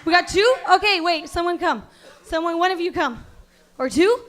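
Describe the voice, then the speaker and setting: Her stand-up set, complete with crowd work, has a woman playing an acting coach who takes herself very seriously. Speaking at an ordinary speed in a very high voice, she breaks from dry lecturing into sudden furious yelling.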